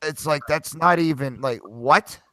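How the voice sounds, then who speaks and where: A man hosting a casual podcast, talking in an excitable, rambling way and swearing a lot. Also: on the high side, measured pace. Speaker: podcast host.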